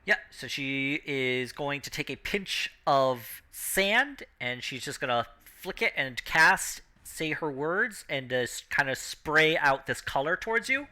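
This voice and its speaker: A man running a tabletop game as game master, pausing often with ums while he checks the rules. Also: on the high side, animated, sharp tone.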